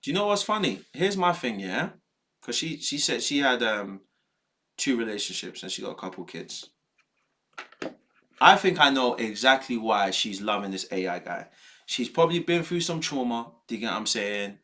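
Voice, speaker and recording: A man streaming his reactions to news clips, worked up and ranting with plenty of slang and swearing. His pitch swings widely as he goes. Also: moderate pace. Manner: exasperated, animated, swearing, slangy.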